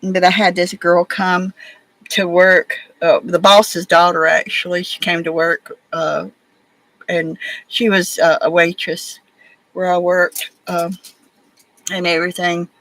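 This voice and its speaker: A woman with an Alabama accent hosts a relaxed beading livestream. She talks in a folksy, rambling way, telling stories and fussing at her beads as she works. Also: fairly low pitch, slow pace, rough recording. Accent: Southern US (Alabama). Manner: folksy, rambling, chatty storyteller. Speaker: livestream host. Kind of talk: casual chat while beading.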